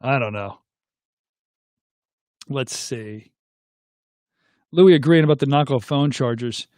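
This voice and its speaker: A man's voice: medium pitch, slow, darkish tone, no room sound, studio quality. A middle-aged man, hosting a casual livestream, reading viewer comments aloud and asking viewers to weigh in. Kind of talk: casual live chat.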